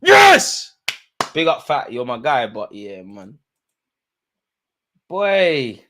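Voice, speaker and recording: A man hosting a live football watch-along, chatting in slang about the match and breaking into loud shouts when a chance or goal comes. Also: medium pitch, sing-song, slow pace. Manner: London slang, bursts into shouting at chances and goals.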